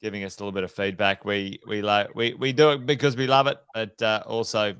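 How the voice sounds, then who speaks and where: A man co-hosting a finance podcast, easygoing and quick to laugh. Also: on the low side, fairly even intonation, fairly bright tone, clear, resonant tone, dry recording. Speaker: podcast co-host. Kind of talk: casual finance chat.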